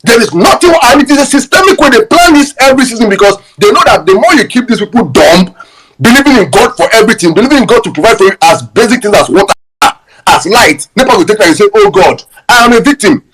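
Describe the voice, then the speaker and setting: This is a young Nigerian man with a Nigerian accent who hosts a live audio space and launches into animated political rants and personal stories. He slips into Pidgin and laughs as he goes. His voice sits high and swings widely in pitch, and he often stammers and starts his sentences over. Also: fast talker, slightly rough, poor audio. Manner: mixes Pidgin into English, laughs through his stories, many stammers and restarts. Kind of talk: animated political rant with storytelling.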